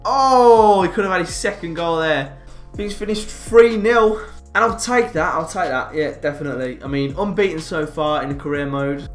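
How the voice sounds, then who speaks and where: A young man with a Birmingham accent commentating his own football video game in a chatty, excitable way. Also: fairly high pitch, moderate pace. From England. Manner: chatty, excitable, shouts at goals. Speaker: gaming YouTuber. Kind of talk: gameplay commentary. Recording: roomy with game music behind.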